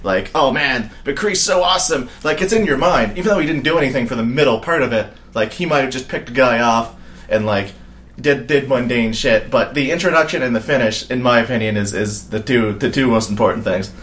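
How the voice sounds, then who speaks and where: A man co-hosting a loose podcast conversation, his voice sitting at an everyday middle pitch. He rambles through his thoughts with plenty of swearing and laughter, sounding mentally worn out. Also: fairly quick, fairly bright tone. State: mentally exhausted. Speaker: podcast co-host. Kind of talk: casual podcast chat.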